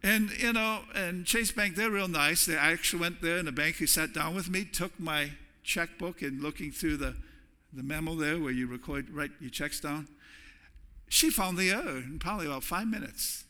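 A man preaching in a church sanctuary, his voice very bright, forceful and a little high. He talks in a conversational way, often repeating words as he restarts a thought. A long reverb from the large hall trails after every phrase. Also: moderate pace. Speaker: pastor. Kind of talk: sermon.

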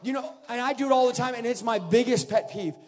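A man preaching a revival sermon at a church service, swinging between shouted declarations and quiet conversational asides. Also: extremely high pitch, quick pace. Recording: live hall with long reverb.

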